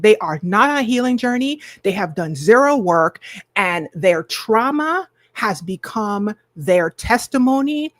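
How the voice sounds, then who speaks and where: A woman in her forties leading a live healing session in a casual, emphatic way, leaning on repeated phrases and speaking straight to her viewers. Her voice sits at an ordinary middle pitch. The sound is close and dry, with no room echo. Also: a bit bright.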